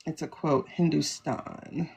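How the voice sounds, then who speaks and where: A woman's voice: deep voice, steady tone, takes it slowly, gravelly, a little mellow, slightly rough. A woman hosting a casual livestream, talking in a chatty, rambling way with frequent laughter. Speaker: livestream host.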